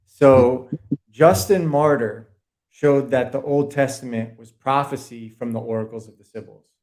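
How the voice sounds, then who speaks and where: A man's voice: mid-range voice, unhurried, darkish tone. A man with a Boston accent, a podcast guest lecturing in a rambling, profane way during a casual video call chat. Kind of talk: casual conspiracy-history chat.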